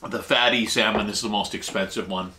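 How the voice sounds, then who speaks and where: A man hosting a casual food vlog, tasting dishes and explaining Japanese food words as he eats, talking with his mouth full. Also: a little fast. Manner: eats while talking, with lively jumps in pitch.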